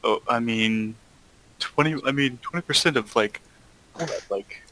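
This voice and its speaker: A man voicing a young male adventurer who speaks slowly and hesitantly with a wry tone. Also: medium pitch, sharp tone, no echo, rough recording.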